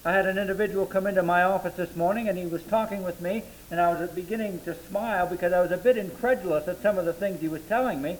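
A man with a notably high voice preaches a sermon, working slowly through scripture verse by verse. He lingers on the words he wants to land, with a faint hum behind him. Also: low-quality recording. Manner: measured Bible exposition, slowing to stress key words. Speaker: pastor.

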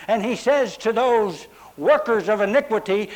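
A man preaching a sermon, stressing words with drawn-out pauses and dramatic emphasis. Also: sits high, animated, rough recording. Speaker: pastor.

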